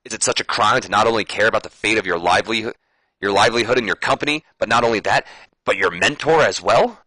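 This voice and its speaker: A man's voice: on the low side, fast talker, bright, forceful tone, no room sound. A man voicing a stern, self-righteous male wrestling team captain with firm, lecturing lines.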